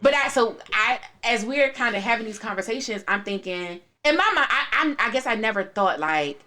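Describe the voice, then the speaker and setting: Female podcast host, higher voice, very lively pitch, teasing and expressive. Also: moderate pace. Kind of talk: casual chat.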